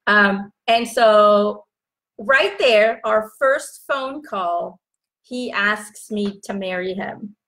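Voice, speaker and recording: A woman in her thirties telling a personal story in a casual live chat, animated and laughing often. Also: medium pitch, extremely slow. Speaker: vlog host.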